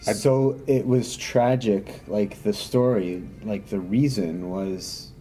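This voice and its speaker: A man from Canada with a very deep voice talks in a halting, soft-spoken way. A faint room ambience sits behind him. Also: slight background noise, rough recording. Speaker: guest. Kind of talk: casual chat.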